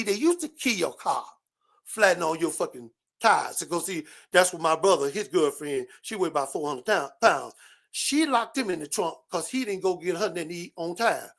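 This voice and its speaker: Loud, preachy man ranting. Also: high voice, vocal fry. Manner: loud, preachy, swearing, repeats catchphrases. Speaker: show host. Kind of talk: profane comedic rant.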